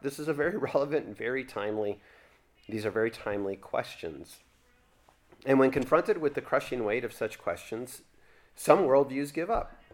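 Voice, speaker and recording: A man teaching a church theology seminar, talking conversationally and asking the class questions. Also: mid-range voice.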